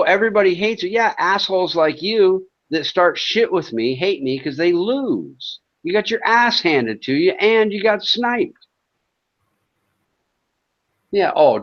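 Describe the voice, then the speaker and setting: Guy with a highish voice cussing out trolls on his stream, muffled lo-fi audio. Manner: profane, taunting and sarcastic. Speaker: livestream host. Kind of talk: heated livestream rant at chat trolls. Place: home in Thailand.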